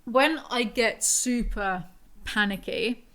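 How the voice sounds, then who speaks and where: A woman's voice: fairly high pitch, fairly bright tone. A young woman hosting a casual solo podcast, telling a personal story in a candid, rambling way with lots of "like" fillers. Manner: swings between quick asides and slow emphatic phrases. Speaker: podcast host.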